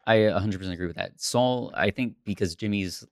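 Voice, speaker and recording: Low voiced guy on a podcast, laid back rambly chat, dry close mic. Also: fairly quick, no room sound. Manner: relaxed, laughs often, rambling. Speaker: podcast co-host. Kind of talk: casual chat about a TV series.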